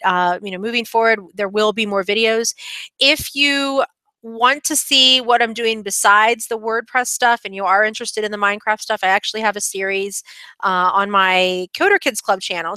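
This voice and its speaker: A woman's voice: mid-range voice, bright, forceful tone, no room sound. A woman hosting her own channel, giving a casual, chatty update with lots of fillers and restarts. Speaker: web design channel host. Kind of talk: casual screen-share update.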